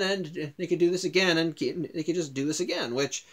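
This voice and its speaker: A man with a somewhat high voice casually walks through a comic's plot. He often breaks off and corrects himself mid-sentence. His delivery stays loose and conversational. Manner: halting, with frequent restarts and self-corrections. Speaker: comic book video reviewer.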